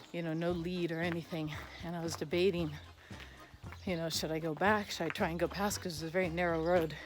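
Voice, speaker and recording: A woman on a casual walking vlog, chatting outdoors with lots of "you know" fillers and delighted asides. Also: lowish voice. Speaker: vlogger walking the Camino. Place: outdoors on a rural path.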